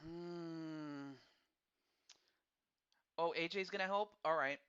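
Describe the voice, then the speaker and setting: A man's voice: fairly high pitch, takes it slowly, bright, forceful tone, clear, resonant tone, highs cut off. A man hosting a casual live-streamed hockey draft, rambling and repeating words in a friendly, upbeat way.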